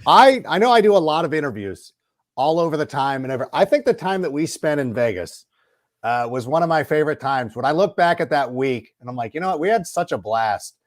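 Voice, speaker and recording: A middle-aged football analyst joins as a guest and talks in a chatty, rambling way, full of asides. His voice sits a little high and swings widely in pitch. The sound is close and dry. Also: expressive, a little fast, no echo. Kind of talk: casual sports talk interview.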